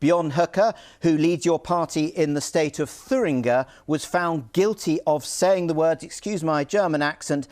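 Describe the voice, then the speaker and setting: Male news anchor, slightly high voice, firm and pressing interviewer. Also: unhurried, few pauses, a little mellow. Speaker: news presenter.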